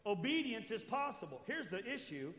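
A man preaching a sermon as pastor, swinging between loud calls to the church and quiet asides. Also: high-pitched, very animated, normal speed. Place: church sanctuary. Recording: echoey church hall.

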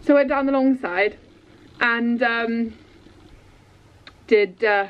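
A young woman talks excitedly and rambles in a casual vlog, her voice sitting a little high. The sound is dull and lo-fi. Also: slow, a little hiss or hum. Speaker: vlogger and dressage rider.

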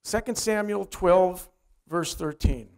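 A middle-aged male pastor preaches conversationally, often putting questions to the congregation. He speaks slowly in a high voice with a darkish tone.

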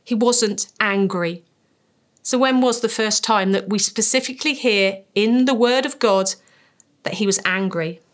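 A British woman preaching a sermon, emphatic and slowing down to stress key phrases. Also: medium pitch. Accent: British English.

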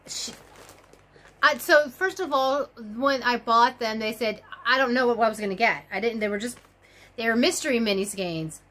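A woman vlogging an excited unboxing, gushing, gasping and squealing with delight. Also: on the high side, moderate pace. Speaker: crochet vlogger.

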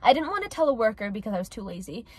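A woman's voice: fairly high pitch, big pitch swings, very fast, darkish tone, husky. A nineteen-year-old woman chatting casually and reading stories aloud in a dramatic, giggly way. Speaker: host.

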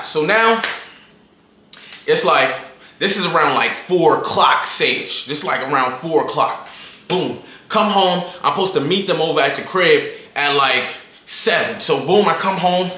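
Young male vlogger, high bright voice, slangy and animated storyteller, echoey room. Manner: animated, slangy, acts out his own lines. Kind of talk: storytime vlog. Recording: echoey room, faint noise.

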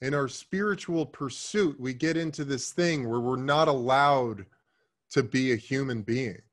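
A man in his thirties talks casually as a podcast guest, and his story comes out animated and full of swearing. His voice sits at an ordinary pitch. He drops to quiet asides, then pushes loud on the points he wants to land. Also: measured pace. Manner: animated, profane, swings between hushed asides and loud emphasis.

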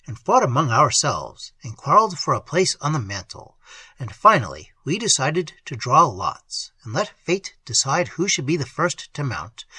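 A man giving a dramatic, hushed reading of an old weird tale, dropping into whispers at times, recorded close on a dry mic. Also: on the high side, slightly rough, no room sound. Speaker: narrator. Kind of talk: scripted literary reading.

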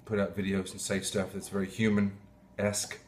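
A man pastor giving a heartfelt, halting sermon, often clearing his throat. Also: deep voice, flat delivery, a little mellow, slight background noise. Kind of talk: emotional sermon.

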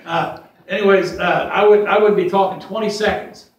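A man with a fairly high voice leads a casual Bible study, wandering into folksy stories before reading verses with emphasis. He is from Ohio. The room echoes heavily and he sounds distant from the mic. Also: fairly even intonation, moderate pace, highs cut off. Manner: folksy, rambling, reads scripture aloud emphatically. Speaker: Bible teacher. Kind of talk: informal Bible study teaching.

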